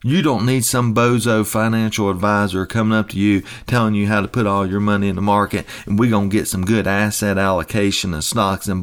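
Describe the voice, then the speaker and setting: Male financial advisor host, lowish voice, folksy and emphatic, salesman-style talk. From United States. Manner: folksy, emphatic, repetitive preaching delivery. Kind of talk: promotional radio-style talk.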